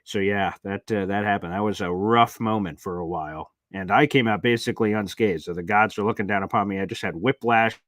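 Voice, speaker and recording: A man's voice: on the low side, brisk, hardly any pauses, a bit bright, dry recording, clean studio sound. Rambling man hosting a live stream. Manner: rambling, reads chat aloud, tells stories animatedly. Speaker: live show host. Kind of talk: casual live-stream chat.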